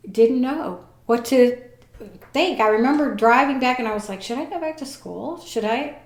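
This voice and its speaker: A woman in her forties telling a personal story as a podcast guest, lively and acting out the people she quotes. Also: a little high, normal speed. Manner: animated, acts out voices in her story. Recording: echoey room.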